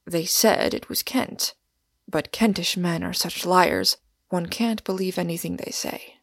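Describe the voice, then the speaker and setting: A woman voices a towering, excitable young wanderer who talks with fervent, emphatic conviction. The voice sits a little low and gravelly, close and dry, as in a storybook reading. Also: unhurried, no echo. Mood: conspiratorial.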